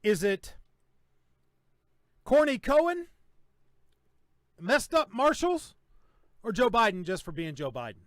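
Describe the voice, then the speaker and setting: Host type: middle-aged man, high voice, blunt and profane, chatty live-stream energy, dry close sound. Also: sing-song, slow, long pauses, no room sound. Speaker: podcast host. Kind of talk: casual live-stream chat.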